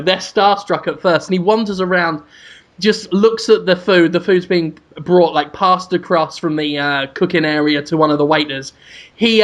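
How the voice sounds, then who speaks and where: Man, podcast host, rambling comic storytelling, bright ringing tone. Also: high-pitched. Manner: rambling, absurd, amused. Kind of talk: comedic storytelling.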